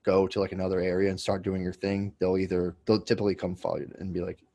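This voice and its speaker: Male podcast guest, comedian, low-ish voice, talks fast and rambly, lots of restarts and cussing. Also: monotone, warm tone. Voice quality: swears freely, rambling with many restarts. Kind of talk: casual chat.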